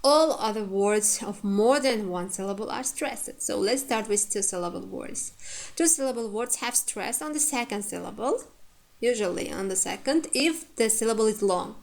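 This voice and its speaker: A woman teacher lecturing on word stress, repeating each example word and pausing on frequent fillers. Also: medium pitch, animated, vocal fry. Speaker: English phonetics teacher.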